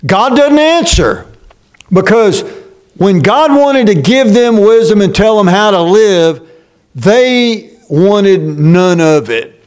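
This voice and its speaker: Older man, pastor, sermon, slow, emphatic, raised pitch. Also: lively intonation, darkish tone, clear, resonant tone. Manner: slow, emphatic preaching with halting restarts.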